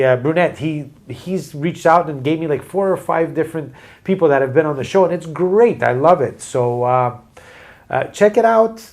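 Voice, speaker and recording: Rambling joking male podcast host. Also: on the high side. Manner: rambling, joking, self-deprecating. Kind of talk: casual chat. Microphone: video call.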